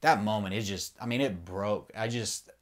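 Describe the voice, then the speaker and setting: Earnest, low-voiced man telling his story. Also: moderate pace. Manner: earnest, rambling, swears freely. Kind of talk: candid personal testimony.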